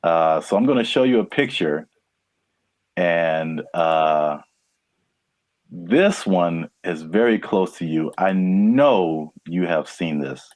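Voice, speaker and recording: Deep-voiced laid-back podcast host. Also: male voice, lively intonation, slow, darkish tone, no echo. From California. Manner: playful, laughs often, loose rambling. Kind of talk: casual podcast chat.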